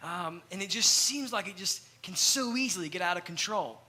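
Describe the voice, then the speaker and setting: A young adult male pastor, preaching a sermon with animated storytelling and acted-out quotes. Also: high-pitched, moderate pace, husky.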